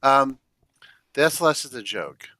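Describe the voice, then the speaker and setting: A man's voice: mid-range voice, animated, moderate pace, sharp tone, dry recording. A man on a podcast panel giving blunt, dismissive opinions in casual chat.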